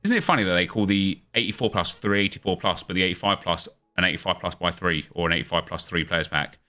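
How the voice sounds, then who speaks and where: A man's voice: sits low, pushed and bright. A man hosting a gaming livestream, chatting casually with viewers and switching into an upbeat video-host delivery. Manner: chatty, quick back-and-forth with viewers, hype intro energy.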